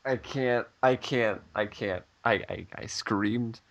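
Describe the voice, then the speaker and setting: A man's voice: medium pitch, slow pace, dull audio. A man joining a casual podcast chat, chiming in with dry quips. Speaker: podcast guest.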